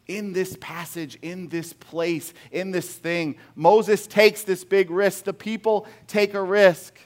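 A middle-aged man preaching a sermon as pastor, animated, acting out quotes with big swings in volume. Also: high voice, unhurried, hardly any pauses.

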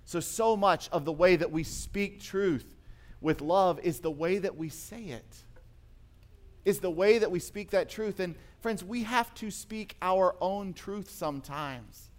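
Male pastor, slightly higher voice, sermon delivery that shifts from emphatic to hushed storytelling. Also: unhurried. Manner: storytelling preacher, swings from emphatic to quiet and intimate.

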